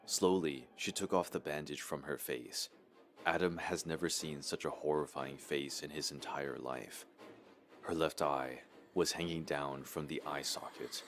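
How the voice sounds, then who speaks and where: Male horror narrator, very deep voice, steady telling, faint music bed. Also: a little slow.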